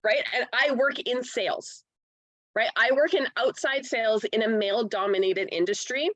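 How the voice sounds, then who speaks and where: A fairly high-voiced woman from Canada talks bluntly and swears freely. She keeps checking in with "right?" and "you know". The sound is dry and close, with no room echo. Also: moderate pace, a bit bright. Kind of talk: casual podcast conversation.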